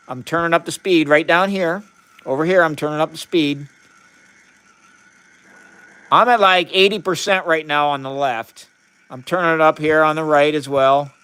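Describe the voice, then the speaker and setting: A man's voice: fairly high pitch, a bit bright, clear, resonant tone. A man on a live science stream, chatting casually as he runs experiments in a chemistry lab and greets viewers by name.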